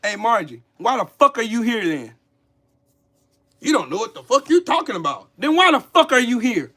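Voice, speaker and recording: A man's voice: extremely high pitch, big pitch swings, normal speed, pushed and bright. A man hosting a livestream, ranting with heated profanity and scolding people in his chat. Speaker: channel host. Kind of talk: livestream commentary rant.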